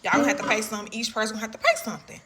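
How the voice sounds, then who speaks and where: A woman's voice: fairly high pitch, lively intonation, moderate pace, distant mic, heavy background noise, close to an everyday voice. A woman voicing a stern, pushy male border officer who makes aggressive demands. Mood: demanding.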